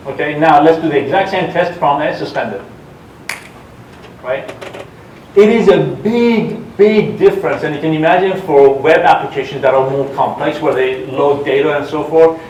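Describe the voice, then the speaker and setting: A man with a slightly high voice speaks to a conference audience, stumbling and restarting as he explains and asks for a show of hands. The sound is roomy and distant, as if taken from across a large hall, with faint noise underneath. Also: moderate pace, a little mellow. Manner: engaging, asks audience for shows of hands, many fillers and restarts. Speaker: conference presenter. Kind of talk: technical conference talk with live demo.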